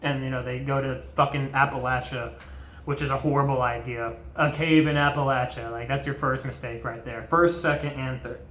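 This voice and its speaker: A man's voice: medium pitch, steady tone, brisk, fairly bright tone, a little hiss or hum. Rambling, swearing man in an echoey room. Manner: rambling, profane, full of fillers. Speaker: video host. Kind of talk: casual movie recap.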